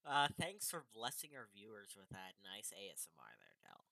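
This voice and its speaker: Bright-voiced giggly young man. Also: on the low side, very animated, moderate pace. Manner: giggly, playful, teasing banter. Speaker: podcast co-host. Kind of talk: casual chat.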